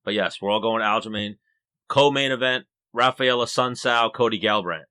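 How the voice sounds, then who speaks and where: A man's voice: lowish voice, brisk, bright, forceful tone, smooth. A man hosting a casual podcast chat, telling stories and running through fight matchups. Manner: storytelling, introduces fight matchups. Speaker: podcast host.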